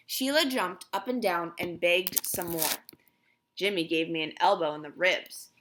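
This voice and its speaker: Lively woman reading a story aloud. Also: medium pitch. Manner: lively, expressive first-person reading. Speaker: audiobook reader. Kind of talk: storybook narration. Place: home.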